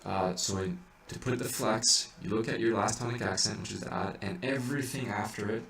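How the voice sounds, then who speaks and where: A man's voice: on the low side, fairly quick, gravelly, a bit bright. A man explaining how to point a chant, thinking aloud with restarts and singing short examples. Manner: thinks aloud, hesitant with many restarts, breaks into sung examples. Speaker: chant teacher. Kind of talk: informal music lesson. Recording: echoey room, mic at a distance, faint hiss.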